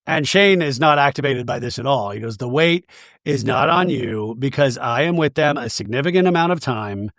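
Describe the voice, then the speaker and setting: A man's voice: medium pitch, animated, moderate pace, a bit bright, no echo, clean studio sound. A man hosting a podcast, casually recapping a reality show episode in a chatty, self-deprecating way. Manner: chatty and self-deprecating, quotes cast members in their own voice.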